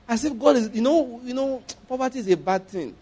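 Nigerian preacher guy, kinda high voice, jokey, keeps acting out little scenes mid-sermon. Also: animated, a little fast, warm tone, breathy edge. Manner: playful, acts out dialogue, laughs often. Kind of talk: sermon with acted-out stories.

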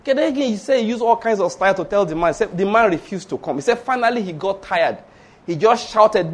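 A man's voice: high voice, lively intonation, fast talker. A man preaching a sermon, telling a story with emphasis and rhetorical questions.

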